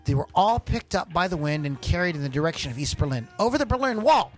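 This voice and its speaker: A man's voice: sits high, sing-song, quick pace. Rambling, stumbling male podcast host. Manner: rambling, stumbles over words. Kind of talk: casual podcast chat.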